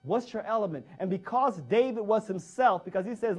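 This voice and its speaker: Man, motivational speaker, high-pitched voice, emphatic, repetitive phrasing. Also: animated, fairly quick, hardly any pauses, slightly rough. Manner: emphatic, repeats key phrases for effect. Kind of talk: motivational speech.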